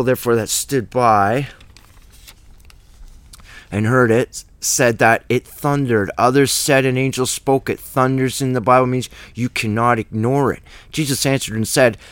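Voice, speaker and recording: Man, mid-pitch, blunt emphatic Bible teacher, dry close room; slangy, plainspoken. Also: no echo. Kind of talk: casual Bible study teaching.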